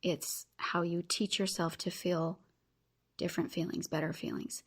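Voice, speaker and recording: A woman's voice: fairly low pitch, level tone, unhurried, breathy edge. A woman in her thirties hosting a podcast, talking earnestly and encouraging her listeners directly as she gives them a challenge. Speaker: podcast host. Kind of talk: motivational podcast talk.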